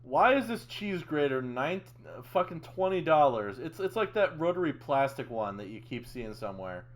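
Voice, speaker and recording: A man hosting a casual podcast chat, relaxed and swearing in offhand asides. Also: fairly high pitch, normal speed. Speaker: podcast host.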